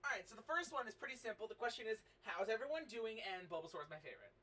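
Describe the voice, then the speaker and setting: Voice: mid-range voice, big pitch swings, racing, sharp tone, husky. A host on a casual group stream, playful and laughing often as they read questions and tease the others.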